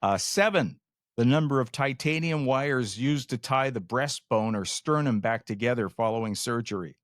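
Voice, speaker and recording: An older man with a Canadian accent co-hosting a casual podcast, talking in a halting, good-humoured way with many restarts. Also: medium pitch, dry recording, clean studio sound. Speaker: podcast co-host. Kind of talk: casual chat.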